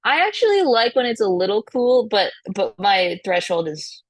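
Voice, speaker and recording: A woman's voice: mid-range voice, sing-song, normal speed, no room sound. A woman musician as a podcast guest, chatting casually, with many fillers and restarts and frequent laughter. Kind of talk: casual interview chat.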